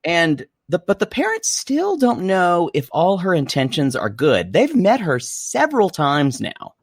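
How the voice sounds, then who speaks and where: A man's voice: sits high, wildly swooping pitch, unhurried, slightly rough, no echo, studio quality. A man co-hosting a podcast, chatting casually about a reality show, laughing often and trailing off into restarts. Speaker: podcast co-host. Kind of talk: casual recap chat.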